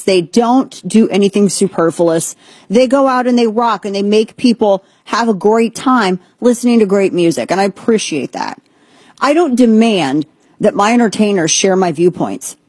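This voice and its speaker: A woman with a husky, slightly breathy voice, hosting an opinionated commentary monologue. She talks with sardonic emphasis and blunt slang, and her speech sounds dry and close, with no room echo. She has an ear infection. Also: medium pitch, lively intonation, normal speed, a little mellow. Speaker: show host.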